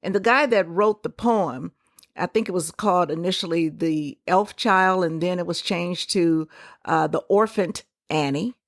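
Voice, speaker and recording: A woman hosting a solo podcast, giving her opinions in a conversational, emphatic way with quick asides. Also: fairly low pitch, no room sound, studio quality. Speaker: podcast host.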